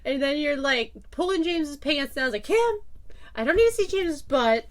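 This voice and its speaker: A woman co-hosting a podcast, telling a story in casual chat, animated, acting out quotes and laughing often. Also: sits high, a little fast. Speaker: podcast co-host.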